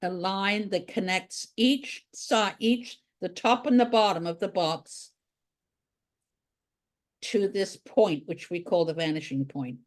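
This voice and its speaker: A woman art teacher walks through a drawing lesson, chatting as she works. She thinks aloud while she draws, and her pitch sits in a middle range. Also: takes it slowly. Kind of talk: drawing tutorial.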